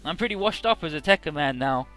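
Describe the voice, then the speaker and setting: A man's voice: on the high side, lively intonation, fast, fairly bright tone, faint music behind. A man voicing a self-doubting young female cyborg soldier as he paraphrases game dialogue, earnest and wistful.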